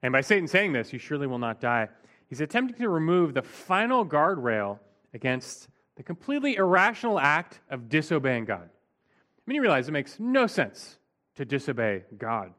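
A man's voice: a little high, very animated, moderate pace, pushed and bright. Man giving a conversational Bible teaching. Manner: conversational, emphatic, with frequent "like". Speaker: preacher.

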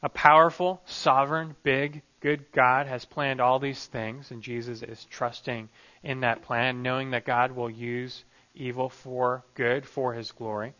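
A man's voice: medium pitch, flat delivery, measured pace, pushed and bright, highs cut off. A man preaching a sermon on a Bible passage, emphatic and full of rhetorical questions.

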